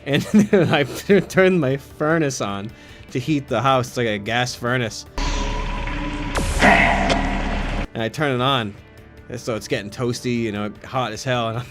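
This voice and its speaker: A man's voice: mid-range voice, a little slow, long pauses, over music. A man telling a rambling, crude personal story in a loose comedic manner with frequent swearing. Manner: breaks into laughter while telling a story, swearing.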